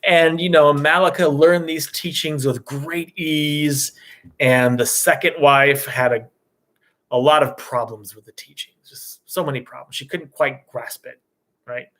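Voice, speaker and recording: Relaxed man telling a dharma story. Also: fairly high pitch, measured pace. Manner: relaxed, loose, with many "you know" and "right?" tags. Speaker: meditation teacher. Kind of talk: casual dharma talk storytelling.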